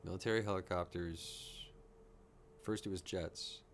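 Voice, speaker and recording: A man giving rambling, excitable live reaction commentary, swearing and laughing often. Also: sits low, unhurried, slight background noise. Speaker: reaction streamer.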